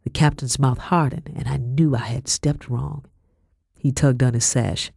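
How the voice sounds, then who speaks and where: A woman tells a first-person story in a measured, steady audiobook voice. She sits close to a studio mic in a dead, dry space with no echo. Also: rumbling low, gravelly, breathy edge. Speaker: audiobook narrator.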